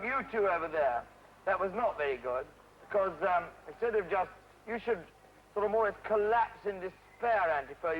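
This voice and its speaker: Brisk high-voiced man directing a rehearsal. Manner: brisk, instructive, stops and corrects actors. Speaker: drama teacher directing a rehearsal. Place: outdoor stage rehearsal. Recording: dull, faintly noisy 1970s archive recording.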